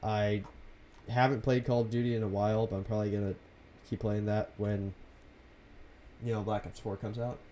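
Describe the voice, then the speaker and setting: A relaxed young man streams from his home setup, talking over his building in a soft, almost whispered way. His voice sits a bit low with a dark, mellow tone, and a faint hiss of noise lingers behind it. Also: normal speed, long pauses. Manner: laid-back, soft half-whispered delivery. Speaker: game streamer. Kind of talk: casual live-stream commentary.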